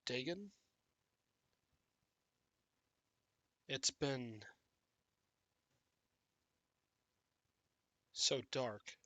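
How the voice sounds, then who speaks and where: A man voicing a dazed, confused male zombie in a quiet, almost monotone voice for a tabletop game. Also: mid-range voice, slow, no room sound.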